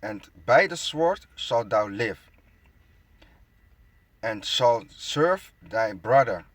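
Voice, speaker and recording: Guy reading scripture real slow, mid voice, stumbles on words, mocks it in between. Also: medium pitch, expressive, dry recording. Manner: stumbles over words while reading, mocking asides. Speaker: bible teacher. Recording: close dry phone screen recording.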